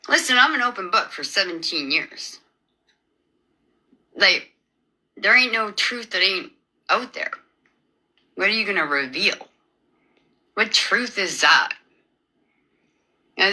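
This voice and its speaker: A woman's voice: medium pitch, bright, forceful tone, poor audio. A woman delivering an emotional, rambling personal rant to camera. She is agitated and sarcastic, breaking off and restarting her sentences. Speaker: video creator.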